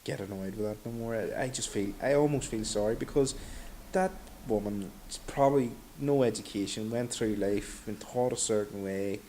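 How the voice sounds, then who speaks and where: A man with a low voice talks in an easygoing, reflective way as a podcast guest. Faint hiss sits under the recording. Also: moderate pace. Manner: relaxed, reflective storyteller. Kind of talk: casual chat.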